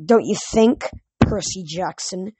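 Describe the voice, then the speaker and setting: A woman voicing an ancient, cold Titan lord speaking through a young man's body, slow and menacing, in a storybook reading. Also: mid-range voice, mellow, slightly rough, no echo.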